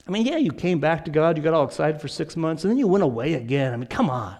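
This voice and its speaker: A male preacher with a noticeably high voice delivers a sermon. He is earnest and insistent, doubling up words as he drives each point home to the congregation. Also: sing-song, fairly quick, few pauses. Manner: earnest, repeats words when stressing a point.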